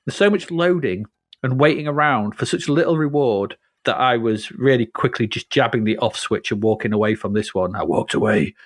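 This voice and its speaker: A man's voice: medium pitch, normal speed, dry recording. Dryly dismissive man. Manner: dry, dismissive criticism. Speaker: podcast host. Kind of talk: casual retro game review chat.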